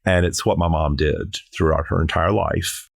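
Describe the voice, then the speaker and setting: Playful man, low dry voice. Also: fairly even intonation, normal speed, creaky, dry recording. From South Carolina. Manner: playful, theatrical, jokey. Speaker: drag performer guest. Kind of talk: casual podcast chat.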